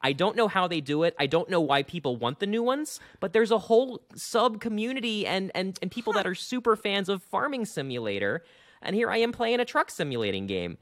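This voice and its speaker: A man hosting a casual gaming podcast, rambling and animated with lots of fillers. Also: high-pitched, fairly quick, no room sound, clean studio sound. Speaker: podcast host.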